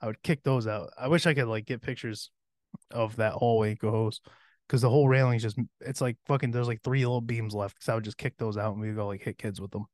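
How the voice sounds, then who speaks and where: A man's voice: mid-range voice, steady tone, fairly quick, darkish tone, no room sound, clean studio sound. A young man hosting a podcast, telling a rambling, profanity-laced story from his teen years and laughing along. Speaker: podcast host. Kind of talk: casual storytelling.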